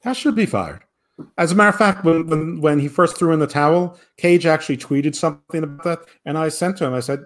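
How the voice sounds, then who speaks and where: A podcast co-host goes over wrestling in a loose, sarcastic, rambling chat, his voice a little high and fairly quick. When quoting others, he mimics them with extra animation.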